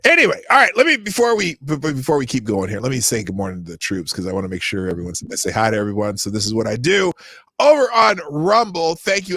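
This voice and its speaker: Male live-stream host, animated rambling delivery, dry sound. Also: on the high side, no room sound. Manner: animated, rambling, laughs often. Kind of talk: casual live-stream chat, greeting viewers.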